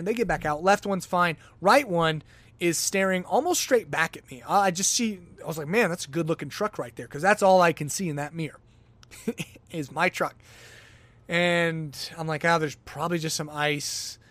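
This is a man hosting his own talk show, telling a personal story as a loose monologue. His voice sits a little high, and he keeps it conversational. He jumps into lively acted-out exclamations as he goes. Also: no echo. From lives in Denver, Colorado. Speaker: podcast host.

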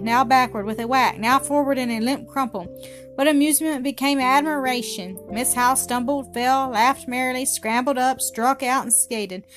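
Woman reading a story over music. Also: fairly high pitch. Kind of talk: scripted narration. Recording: music playing behind the voice.

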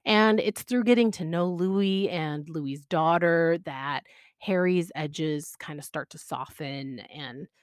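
A woman's voice: low voice, slow pace, clear, resonant tone, no room sound, clean studio sound. A woman hosting a podcast, casually and enthusiastically recommending stories. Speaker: podcast host.

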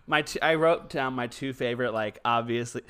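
Man co-hosting a podcast, mid-pitched voice, fast, laughing banter. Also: bright, forceful tone, clear, resonant tone. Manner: quick, laughing, riffing banter. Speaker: podcast co-host. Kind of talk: casual chat.

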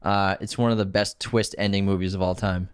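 A man co-hosting a podcast in casual chat, relaxed and often laughing as he runs a movie quiz. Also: sits low, brisk, smooth, no room sound, clean studio sound. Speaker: podcast co-host.

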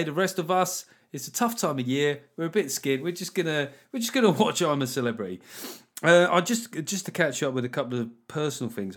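A man in his forties with an English accent, hosting a solo podcast in a sardonic, sweary rant that jumps into high, loud bursts. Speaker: podcast host.

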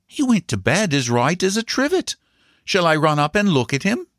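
A calm governess answers briskly and reassuringly in a raised voice, as a man reading a story puts her on. Her tone is lively, and the sound is dry and close. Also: on the high side, no echo, voice pushed up. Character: calm, obliging governess, a woman.

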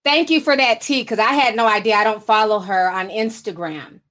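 A woman's voice: medium pitch, normal speed, fairly bright tone. A woman streamer doing casual, chatty commentary and reacting to a clip.

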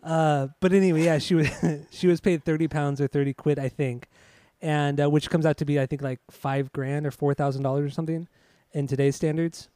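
Mellow man rambling through a story. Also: on the high side, flat delivery, a little fast, hardly any pauses, no echo. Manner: rambling, hesitant, profane, many fillers. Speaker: podcast co-host. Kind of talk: casual chat, recounting music history.

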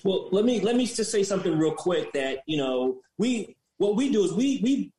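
A man's voice: high-pitched, sing-song, moderate pace, mellow. Easygoing man in his fifties, echoey room. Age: 50s. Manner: easygoing, self-described jokester. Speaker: guest. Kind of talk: casual interview chat.

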